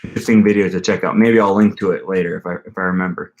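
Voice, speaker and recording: A man's voice: sits low, fairly even intonation, very fast, muffled recording. A young man hosting a casual live stream about learning languages, rambling with plenty of fillers and restarts and reading viewer comments aloud. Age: young adult. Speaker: language-learning channel host.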